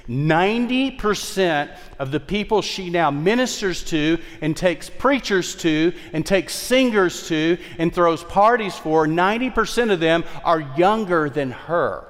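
Passionate preacher in a reverberant sanctuary. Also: male voice, sits high, animated, a little slow, hardly any pauses. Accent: Southern US twang. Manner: impassioned, shifts between loud exhortation and hushed storytelling. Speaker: pastor. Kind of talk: sermon. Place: church sanctuary. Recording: long reverb from a large hall.

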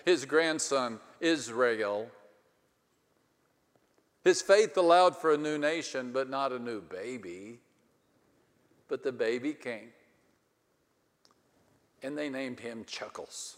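A male pastor preaching a storytelling sermon with dry humor, dramatic pauses and swings from hushed to loud. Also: mid-range voice, lively intonation. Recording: long hall reverb.

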